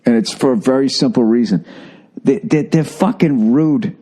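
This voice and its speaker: A man's voice: medium pitch, normal speed, warm tone, husky. A middle-aged man ranting profanely in a casual comic monologue, repeating words as he builds up steam. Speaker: podcast host.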